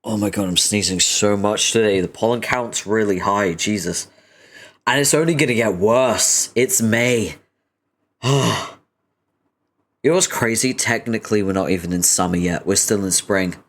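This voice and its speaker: Low-voiced sweary male streamer. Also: moderate pace. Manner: sweary, chatty asides to chat. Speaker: streamer reading a webcomic aloud. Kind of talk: casual live-stream chat.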